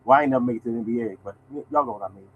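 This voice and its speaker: A man in his sixties hosts a lottery show, delivering a casual monologue to viewers in an animated, blunt manner, swearing and calling the audience "y'all." His medium-pitched voice races along with a breathy edge, in phone-quality sound.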